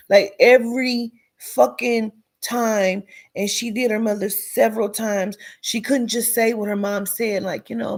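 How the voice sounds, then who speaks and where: A woman's voice: mid-range voice, steady tone, a little slow. A woman giving a blunt, profane commentary rant, dropping into whispers for emphasis. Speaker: commentary vlogger.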